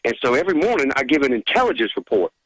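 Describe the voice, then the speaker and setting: A man calls in to a talk radio show, talking casually with lots of pauses and fillers. His pitch moves about in a lively way, and the sound is dry. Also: no echo, rough recording. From Georgia, United States. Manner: hesitant, with many fillers. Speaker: caller. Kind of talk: casual phone-in chat.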